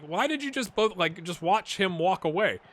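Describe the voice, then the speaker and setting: A middle-aged man giving live gameplay commentary on his football management game, swinging from low mutters to excited shouts. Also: moderate pace. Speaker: gaming YouTuber.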